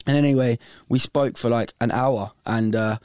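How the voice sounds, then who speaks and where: Laid-back host, mid pitch, dry. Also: male voice, fairly even intonation, normal speed, a little mellow, smooth, no room sound. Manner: laid-back, rambling, laughs easily. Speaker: host of a phone-in show. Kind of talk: casual chat.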